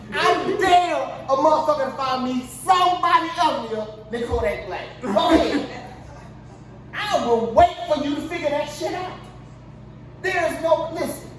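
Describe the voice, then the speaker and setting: A high-pitched woman tears into her subject in a crude, incredulous comedic rant, dropping low and then yelling out. She sits well back from the mic in a very echoey space, with steady noise all around her. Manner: heated, crude, incredulous, swings from mutter to yelling. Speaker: show host. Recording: echoey, distant mic, noisy ambience.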